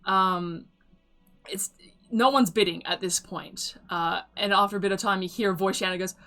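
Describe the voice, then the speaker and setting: A woman's voice: mid-range voice, normal speed, pushed and bright. A woman narrating a tabletop game as game master, chatty and loose, with many fillers and laughs.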